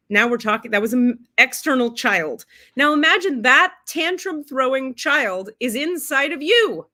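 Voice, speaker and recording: Woman, spiritual teacher, casual livestream talk; frank, expressive, swears, acts out quotes. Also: medium pitch. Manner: plays out quoted voices of a child and a parent.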